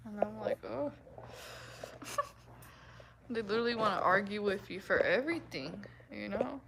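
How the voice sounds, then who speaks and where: A woman with a gravelly, mid-range voice chats casually with her livestream viewers at a normal pace, over background noise. She's giggly, laughs a lot, and acts out what people said.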